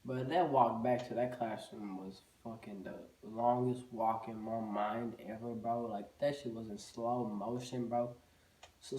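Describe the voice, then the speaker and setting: A man telling a casual storytime, loose and profane, with "bro" in almost every sentence. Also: mid-range voice. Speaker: vlogger. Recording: echoey room, voice far from the mic.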